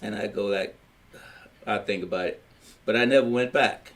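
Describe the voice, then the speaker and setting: Fairly low-pitched and a bit bright, an older man speaks at a moderate pace in a Louisiana accent. Recording his life story for family history, he is plain-spoken and meanders, playing out past conversations.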